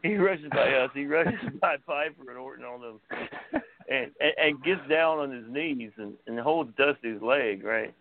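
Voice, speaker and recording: A man telling a story in an animated way, chuckling between lines. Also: mid-range voice, moderate pace, gravelly. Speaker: guest storyteller. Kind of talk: casual storytelling. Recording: tinny phone-like sound.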